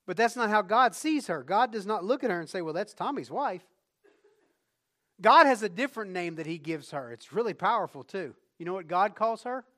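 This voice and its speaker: A man preaching to his congregation in a high, bright voice. He talks conversationally, then swells into emphatic, rising lines. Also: expressive, fairly quick, few pauses. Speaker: pastor. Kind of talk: sermon.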